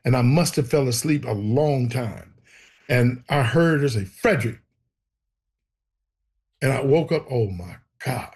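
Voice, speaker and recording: A man telling a personal story in an animated way, acting out the voices of the people in it. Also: mid-range voice, moderate pace, breathy edge. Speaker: guest telling his testimony.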